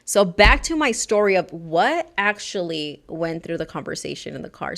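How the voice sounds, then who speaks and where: A woman's voice: medium pitch, very animated, fairly quick, few pauses. Chatty young woman telling her story. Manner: chatty and candid, talks to viewers as "girl"; swings between loud bursts and soft whispers. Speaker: vlogger. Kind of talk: personal storytelling to camera.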